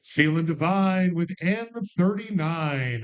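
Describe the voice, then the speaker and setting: A man calling bingo numbers with playful rhymes and jokes, repeating each number slowly. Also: sits high, lively intonation. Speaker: bingo caller.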